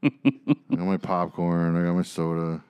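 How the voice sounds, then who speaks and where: A man in his thirties holds forth in a casual podcast chat, venting through a story with plenty of swearing and big emphasis. His voice sits a little low. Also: normal speed, clear, resonant tone, dull audio. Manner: animated, profane ranting storyteller. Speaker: podcast co-host.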